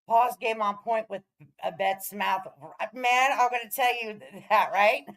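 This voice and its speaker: A woman's voice: on the high side, steady tone, slow, fairly bright tone, rough recording. A woman hosting a casual reaction stream, talking in a sassy, blunt, profane way. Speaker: commentary streamer host.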